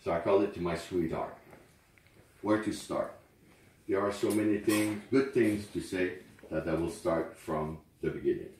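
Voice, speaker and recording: A man whose first language is French, reading memorial poems aloud at a wake in a slow, earnest way. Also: low-pitched, a little mellow, a little hiss or hum. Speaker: speaker at a wake. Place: memorial gathering indoors. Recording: very echoey room, far from mic.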